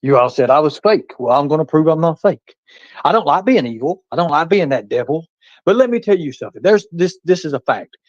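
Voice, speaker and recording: A man's voice: a little high, expressive, fairly quick, no echo, lo-fi sound. A man hosting a live stream, talking in a boastful, menacing way and swearing freely. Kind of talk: heated live stream talk.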